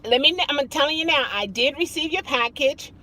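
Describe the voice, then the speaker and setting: A middle-aged woman chatting casually on a live stream, greeting viewers by name as she tells her story. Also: moderate pace. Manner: expressive, jumps high when emphasizing.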